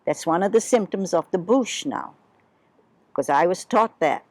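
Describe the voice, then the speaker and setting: An older woman in her eighties speaks with a lilt, her voice sitting low. She tells stories from her life in an unhurried, homely way, stopping now and then to spell a word out. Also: lively intonation, dry recording. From Hawaii. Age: 80s. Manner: unhurried, homely storyteller who spells words out. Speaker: oral history interviewee. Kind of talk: reminiscing storytelling.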